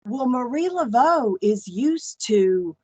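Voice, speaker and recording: A woman guest in casual chat, animated and frank, swearing freely as she talks about her faith. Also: fairly high pitch, slow pace, slightly rough, no room sound, highs cut off. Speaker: podcast guest, archpriestess.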